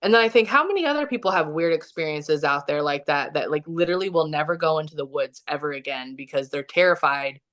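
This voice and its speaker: Chatty woman guest, lowish voice. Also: fast, few pauses. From Kansas City, Missouri. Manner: animated, many "like" fillers, laughs often. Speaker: podcast guest. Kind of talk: casual storytelling interview.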